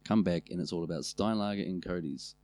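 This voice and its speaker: A man with a New Zealand accent, co-hosting a podcast and telling family stories in a loose, animated way, with a lot of swearing. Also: deep voice, fairly quick, no room sound. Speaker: podcast co-host. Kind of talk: casual storytelling chat.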